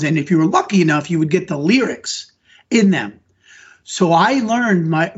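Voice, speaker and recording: A middle-aged man speaks with a husky, somewhat high voice, earnest and rambling as he restarts sentences mid-thought. He sounds like a teacher talking through interview answers. The audio is dull and lo-fi. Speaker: elementary school teacher. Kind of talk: conversational podcast interview answers.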